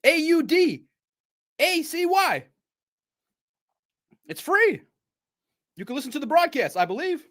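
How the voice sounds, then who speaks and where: A man hosts a live sports recap stream in a rambling, excitable way, laughing often. His voice sits high and bright. He lurches between loud outbursts and muttered asides. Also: moderate pace. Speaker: sports podcast host.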